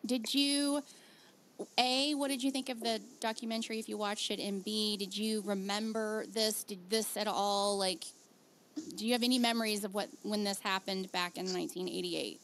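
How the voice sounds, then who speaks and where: A woman hosting a podcast in casual, animated chat, laughing easily as she talks. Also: mid-range voice. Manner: chatty, animated, quick laughs. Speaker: podcast host.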